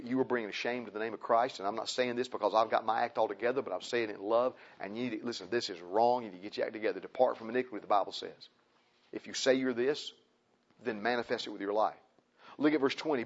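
A man preaching a sermon, impassioned and repetitive, swinging from loud emphasis to quiet pleading. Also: mid-range voice. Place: church. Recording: dull lo-fi recording.

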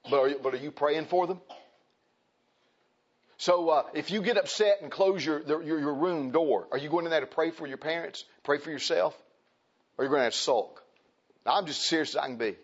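A man preaching a conversational sermon, repeating phrases for emphasis and swinging between loud raised points and quiet, low asides. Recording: dull lo-fi recording.

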